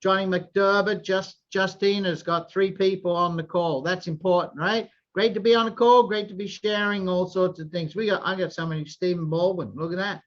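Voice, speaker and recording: A man in his sixties hosting a group video call, giving an energetic sales pitch and often asking "right?". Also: moderate pace, few pauses. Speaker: host of a sales presentation call. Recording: dull lo-fi video call audio.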